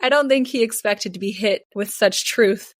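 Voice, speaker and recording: A young woman guest on a podcast, telling a personal story in a lively, chatty way, saying "like" often and acting out what people said. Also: mid-range voice, moderate pace, no echo, studio quality. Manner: animated retelling, acts out both sides of conversations, frequent "like". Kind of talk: casual storytelling interview.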